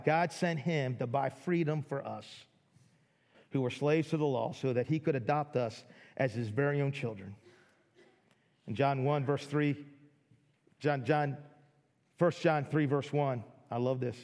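A middle-aged man preaching a sermon, excitable and full of repeated words as he acts out people's amazement. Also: fairly high pitch, measured pace. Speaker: pastor. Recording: long hall reverb.

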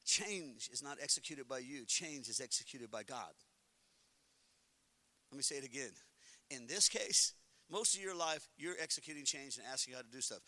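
A man preaching a sermon as pastor, swinging between quiet talk and shouting, and telling funny stories with acted-out inner voices. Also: mid-range voice.

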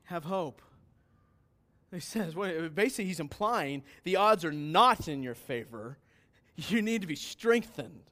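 A man preaching a sermon as pastor, asking rhetorical questions and swinging between loud declarations and quiet asides. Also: a little high, lively intonation, normal speed.

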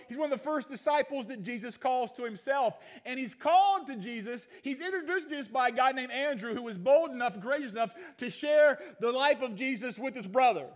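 A male preacher, retelling Bible stories in a lively sermon and acting out the characters in folksy voices. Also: very high voice. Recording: dull muffled recording.

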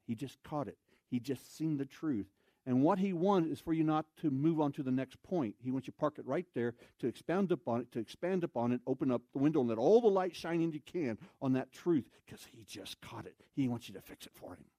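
A man preaching a sermon in a church, telling stories with lively, animated delivery and loud bursts of emphasis. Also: medium pitch, brisk, no room sound. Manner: animated storytelling, acts out voices, shouts for emphasis. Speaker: pastor. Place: church sanctuary.

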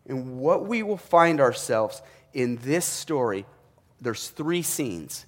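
A man's voice: on the high side, very animated, unhurried, in a large hall. A man preaching a sermon as a pastor, in a conversational way with asides and self-corrections.

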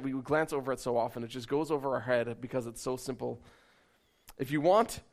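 A man preaching a sermon in a conversational, animated, self-deprecating way. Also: medium pitch. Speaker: pastor.

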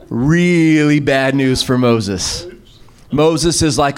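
Speaking extremely slowly with a clean tone, a middle-aged pastor delivers a sermon through animated storytelling. His delivery has many fillers and restarts, and whenever he quotes someone he takes on their voice, his pitch leaping upward.

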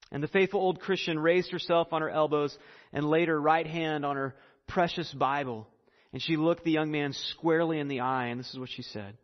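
Earnest male pastor in a reverberant hall. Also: a little high. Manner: earnest, building to emphasis, then hushed prayer. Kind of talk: sermon. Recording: dull recording with long hall reverb.

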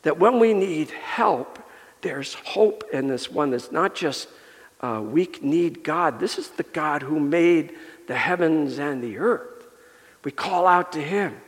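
Earnest male preacher, high-pitched, recorded with a long hall echo. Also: expressive, slow. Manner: earnest, builds up and softens by turns. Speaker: pastor. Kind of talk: sermon with personal storytelling. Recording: long reverb of a large hall.

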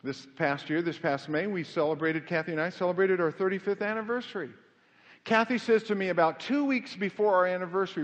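High-voiced preacher in an echoing church. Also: male voice, a little fast. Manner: conversational preaching with self-deprecating humor, rising to fervent emphasis. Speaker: pastor. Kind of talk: sermon. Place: church sanctuary. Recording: muffled sound with long hall reverb.

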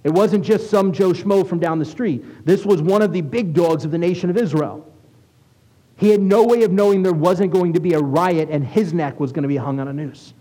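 A man preaching a sermon as a rabbi, conversational and asking his listeners questions, reading scripture aloud slowly. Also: sits high, warm tone, husky, low-quality recording. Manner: conversational, asks the congregation questions.

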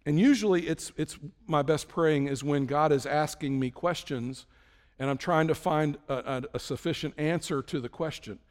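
A man's voice: fairly high pitch, moderate pace. Conversational male pastor in a reverberant hall. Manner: conversational, acts out prayers and dialogue with God. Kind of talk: sermon.

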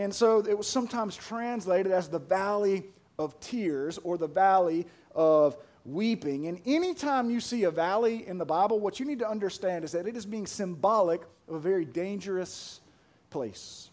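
A young man preaching a sermon as pastor, animated, repeating words and building to emphatic shouts. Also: sits high.

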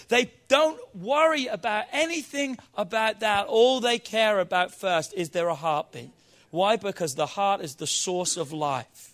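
High-voiced man preaching a lively sermon. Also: normal speed. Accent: non-local accent. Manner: playful, quizzing the audience, then preaching with rising emphasis. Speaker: pastor. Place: church hall with congregation.

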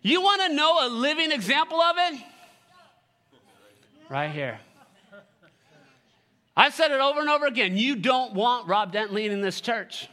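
High, bright-voiced animated preacher man. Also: measured pace, pauses often. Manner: animated, jokey, sarcastic asides; reads scripture aloud, leads congregation. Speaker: pastor. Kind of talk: sermon.

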